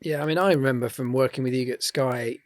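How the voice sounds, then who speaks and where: Male podcast host, measured. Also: medium pitch, no echo, clean studio sound. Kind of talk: casual interview chat.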